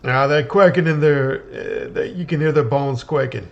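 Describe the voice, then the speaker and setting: A man's voice: a little high, moderate pace, creaky, muffled recording. A man playing a tabletop game in character, using mock-old-fashioned words. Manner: mock-archaic speech, with aye and mayhaps. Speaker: player. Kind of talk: in-character tabletop role-play.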